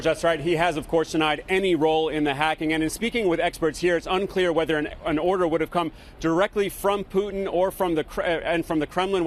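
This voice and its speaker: Male field reporter, measured live report, light city hum behind. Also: a little high. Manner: measured reporting with brief restarts. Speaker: foreign correspondent.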